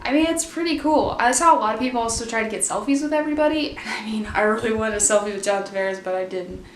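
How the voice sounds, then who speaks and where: A young woman telling a story in a casual, chatty way, with lots of fillers and quotes acted out in a higher voice. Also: fast talker, reverberant, a little hiss or hum. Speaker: vlogger.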